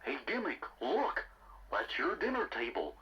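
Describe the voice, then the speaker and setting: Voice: medium pitch, wildly swooping pitch, measured pace, husky, highs cut off, full character voice. A performer voicing a hungry, easygoing male caterpillar-like creature with a folksy drawl in a storybook cassette. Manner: greedy, easygoing, talks with mouth full. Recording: loud music bed.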